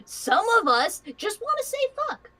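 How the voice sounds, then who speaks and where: A woman's voice: extremely high pitch, very animated, normal speed, a loud crowd. A woman arguing bluntly in a heated casual debate, swearing freely as a guest. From western and southern US.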